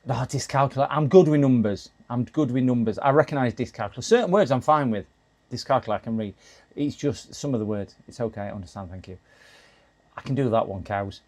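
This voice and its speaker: A man's voice: mid-range voice, lively intonation, fairly quick, darkish tone. A middle-aged man casually chatting to his live-stream audience while repairing a computer, often restarting sentences and laughing. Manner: chatty, talks to chat while working, frequent restarts and laughs.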